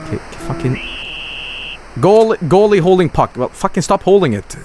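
Animated, yelling game streamer man. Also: moderate pace, faint music behind. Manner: swings from low grumbling to loud yelling and cursing at the game. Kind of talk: live gameplay commentary.

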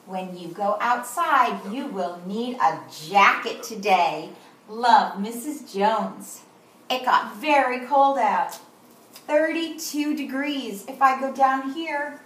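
A woman teaching kindergarten, slow and sing-song and encouraging as she spells out letters and sounds for young children. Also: high voice, a bit bright. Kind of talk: recorded morning lesson for young children. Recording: roomy echo, voice a bit far from mic.

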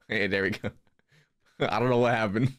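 In a casual drawing stream, a young male host chats with viewers in a lowish voice at normal speed, laughing and swearing along the way. There's no echo on the recording.

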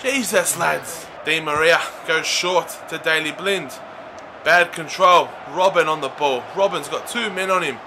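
A young man commentating live over a video game, chatting to viewers and shouting when play gets exciting. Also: a little high, unhurried, background noise. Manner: chatty, addresses viewers as lads. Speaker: gaming YouTuber.

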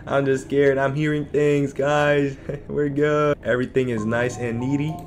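A man's voice: medium pitch, flat delivery, measured pace. Young man, horror let's play commentary, jittery and laughing, faint music behind. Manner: jittery, laughing, talks to the game and viewers. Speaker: gaming YouTuber.

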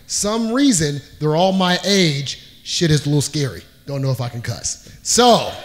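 A middle-aged man telling a funny personal story on stage, acting out the scenes and getting louder as the story turns to panic. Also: high-pitched. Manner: animated, acts out scenes, voice rises when panicked. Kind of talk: live comedic storytelling.

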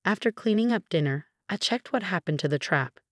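A narrator in her forties tells a first-person story, her low voice even and measured. The recording is close and dry with no room sound, and her tone holds steady throughout.

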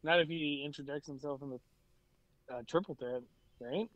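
A man's voice: on the high side, normal speed, fairly bright tone, no echo, muffled recording. A man co-hosting a podcast in casual, laid-back chat, laughing easily. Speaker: podcast co-host.

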